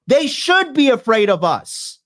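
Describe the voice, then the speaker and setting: A man's voice: very high voice, sing-song, unhurried, a bit bright. Angry guy ranting and swearing nonstop, voice jumps all over. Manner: profane, aggressive ranting. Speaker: podcast host. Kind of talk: ranting commentary.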